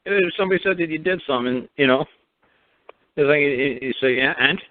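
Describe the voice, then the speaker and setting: A New York radio host takes calls in a slightly high, brisk voice, blunt and profane, firing off rhetorical question after rhetorical question. The sound is dry and tinny, like a phone line.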